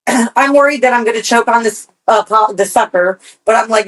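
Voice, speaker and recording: A woman co-hosting a podcast, telling a personal story in casual chat, animated and swearing freely. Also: on the high side, normal speed, rough recording. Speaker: podcast co-host.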